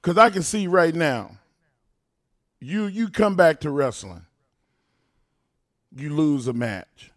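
A man's voice: fairly high pitch, takes it slowly, pauses often, no echo. Fired-up man preaching in a dry room. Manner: fired-up, preachy, bursts into loud animated rants. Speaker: podcast co-host. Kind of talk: casual chat.

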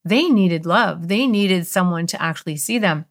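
At a moderate pace and with a lowish voice, a woman in her fifties tells a heartfelt, earnest story from her career. She's a guest expert being interviewed on a podcast.

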